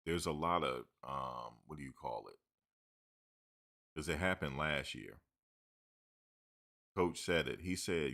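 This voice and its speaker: A man's voice: a bass voice, slow, vocal fry, pauses often, bright, forceful tone. A man hosting a sports talk show, rambling casually with slang and joking asides.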